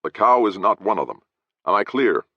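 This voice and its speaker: A man voicing a gruff, blunt male sea captain who barks orders, in a dry, slightly dull recording. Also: lowish voice, animated, normal speed, dry recording, voice pushed up. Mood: commanding. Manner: barking orders, short-tempered.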